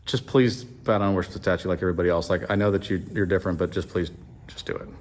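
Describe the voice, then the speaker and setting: A man voicing a temperamental ancient king who begs in a low, whiny voice and then shrieks in anger. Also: fairly even intonation, racing. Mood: pleading. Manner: whiny pleading, then shrill shouting. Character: temperamental ancient king, grown man, swings from pleading to rage.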